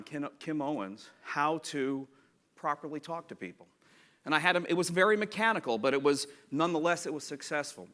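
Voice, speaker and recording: A man giving a conference talk with slides, animated and playful, acting out little quotes and scenes. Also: fairly high pitch. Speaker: conference speaker. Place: conference room.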